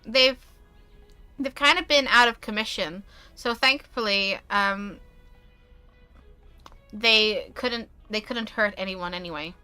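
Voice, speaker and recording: A woman voicing a gentle male animatronic caretaker in a game, speaking hesitantly and reassuringly. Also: medium pitch, takes it slowly, long pauses, clean tone, faint music behind.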